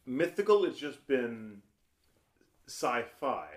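A man co-hosting a casual chat, always ready to object and argue. His voice sits mid-range. The room gives it a clear echo. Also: mid-range voice, very animated. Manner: argumentative, quick to object. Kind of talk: casual group chat about video games.

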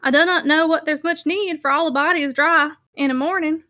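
A woman voicing a large, rough middle-aged constable with a broad Yorkshire dialect, talking slowly and homely. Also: high voice, steady tone, muffled recording, close to an everyday voice.

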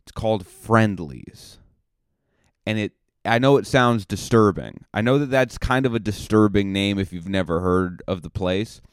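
Man, low voice, smooth and clear, dry close sound, rambling comic podcast monologue. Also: expressive, moderate pace, no echo. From Massachusetts. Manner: rambling, self-mocking, jokey asides. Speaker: comedian and podcast host. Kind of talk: solo comedic podcast monologue.

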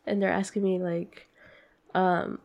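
A woman's voice: lowish voice, little pitch movement, unhurried, creaky, lo-fi sound. A woman co-hosting a casual podcast, congested from a cold. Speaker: podcast co-host.

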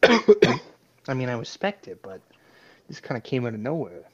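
Teasing, swearing male co-host, lively pitch, dull lo-fi sound. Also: measured pace. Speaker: podcast co-host. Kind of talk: casual chat.

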